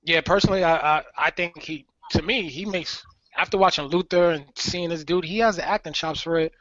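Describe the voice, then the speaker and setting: A man's voice: on the high side, a little fast, a bit bright. A man co-hosting a casual chat, giving his opinions matter-of-factly. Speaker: podcast co-host. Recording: dry lo-fi recording.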